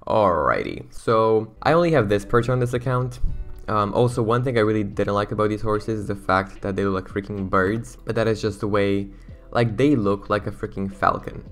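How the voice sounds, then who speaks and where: Young male gaming host, low gravelly voice, excitable and rambling, casual slangy delivery. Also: normal speed, faint music behind. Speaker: gaming YouTuber. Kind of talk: casual gameplay commentary.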